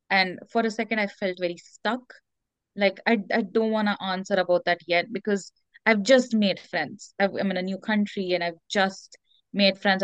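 A woman's voice: mid-range voice, no echo, muffled recording. A woman speaking candidly as an interview guest, earnest and reflective, with many fillers.

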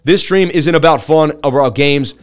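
A man hosting a live market-analysis stream, talking in a chatty, excitable way and turning to his viewers to answer chat between chart readings. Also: on the high side, normal speed, clean tone. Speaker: livestream host.

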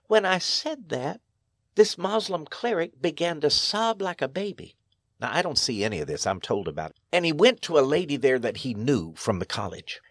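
A man's voice: a little high, big pitch swings, moderate pace, dry recording. A man, a pastor, telling stories in an interview in an earnest, emphatic way, his voice rising sharply on key phrases. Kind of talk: storytelling interview.

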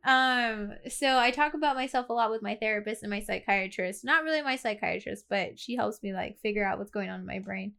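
A woman's voice: mid-range voice, fairly quick, creaky, hardly any pauses, pushed and bright, clear, resonant tone. A woman co-hosting a casual podcast, talking candidly and laughing easily, with the hiccups. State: has the hiccups. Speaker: podcast co-host.

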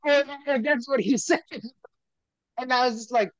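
Telling a story on a podcast he co-hosts, a man with an extremely high voice chats casually at normal speed, full of laughter and restarts. The lo-fi recording is dry, slightly muffled, and has no room sound.

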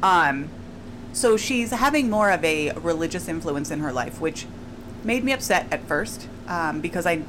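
A woman's voice: fairly low pitch, animated, normal speed, background noise. A young woman co-hosting a casual chat, rambling and anxious in her storytelling, laughing often. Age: young adult. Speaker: podcast co-host.

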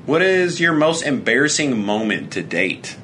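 A man's voice: medium pitch, sing-song, normal speed, a bit bright, slight background noise. A young man co-hosting a podcast in casual chat, rambling, laughing often and swearing as he acts out quoted back-and-forth. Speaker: podcast co-host.

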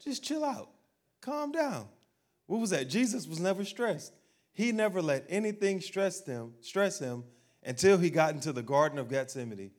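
Conversational preacher with a lively delivery. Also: male voice, fairly high pitch, normal speed. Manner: conversational preacher, asking the crowd questions and acting out everyday voices. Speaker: pastor. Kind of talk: sermon.

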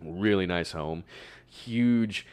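A man's voice: low voice, extremely slow, darkish tone, clear, resonant tone. A young man telling a rambling, profane story in casual chat, laughing and slipping into put-on voices.

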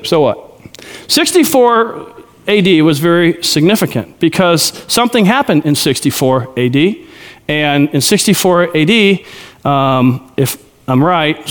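A male pastor giving a lively verse-by-verse Bible teaching, with joking asides and frequent "okay?" check-ins to the crowd. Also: fairly high pitch. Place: large church hall. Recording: long hall reverb.

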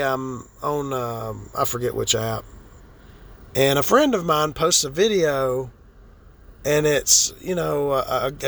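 A man's voice: a little high, vocal fry, fairly bright tone. A man giving a blunt, profane, exasperated rant in a casual vlog.

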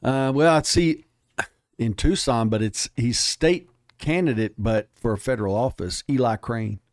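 A man's voice: mid-range voice, measured pace, no echo, studio quality. A man speaking as an interview guest, emphatic and plainspoken, telling stories in casual talk.

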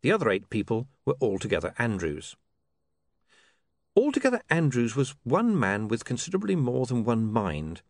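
A man narrating an audiobook in a wry, lively storytelling manner. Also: mid-range voice, normal speed, vocal fry, dry recording, studio quality.

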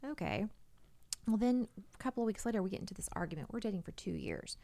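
A woman's voice: mid-range voice, quick pace, vocal fry. A middle-aged woman, a podcast guest, telling a story casually and acting out the voices of the people in it. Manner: animated, acts out quoted voices.

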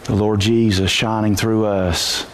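A pastor preaching a sermon in church, telling the story with energy and moving from quiet asides to shouted peaks. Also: male voice, lowish voice, level tone, a little slow, slight background noise.

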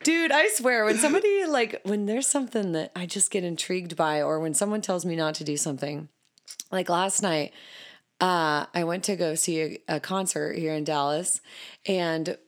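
Lower-pitched woman telling a chatty story. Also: normal speed. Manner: chatty storyteller, swears freely, slips into quoted voices. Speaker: podcast co-host. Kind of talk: casual chat.

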